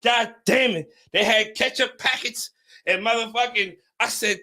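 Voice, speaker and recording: A podcast host spins a loose, profane story in a strikingly high voice. He keeps stumbling and restarting as he goes, in a bright, sharp tone. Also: measured pace. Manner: profane, rambling, stumbling over words. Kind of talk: casual storytelling.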